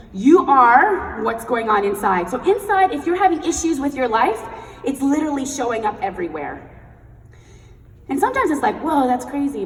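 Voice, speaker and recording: A young woman giving a blunt, energetic motivational talk on stage and leading the crowd in chanted affirmations, heard in a large event hall. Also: sits high. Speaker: sales team leader and motivational speaker. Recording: echoey hall recorded from far off.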